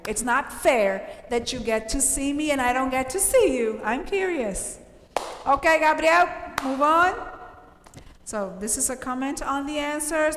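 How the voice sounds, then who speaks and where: A woman's voice: high voice, a bit bright, a little hiss or hum. A woman English teacher, explaining grammar patiently to her class and checking often that everyone follows. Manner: patient, explanatory, checks understanding with frequent "okay?". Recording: roomy, reverberant room sound.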